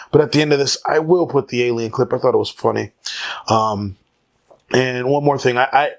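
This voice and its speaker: Rambling casual male vlogger. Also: medium pitch. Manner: rambling, many fillers, jokey asides. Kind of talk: casual solo commentary to camera.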